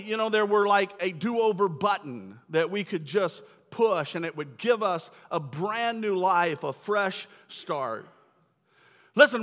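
A man's voice: sits high, sharp tone. A male pastor giving a sermon in a church sanctuary, talking in a conversational, emphatic way. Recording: long reverb of a church hall.

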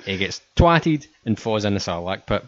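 Guy, lowish voice, sweary and worked up, dry muffled recording. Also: normal speed, dry recording. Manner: animated, sweary, ranting. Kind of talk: casual chat. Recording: dull lo-fi sound.

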